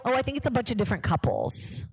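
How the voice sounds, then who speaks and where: A woman's voice: on the high side, huge pitch swings, fast, creaky, darkish tone, slightly rough, dry recording. A woman in her thirties hosting a comedy podcast, rambling along casually and slipping into quoted voices. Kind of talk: casual chat.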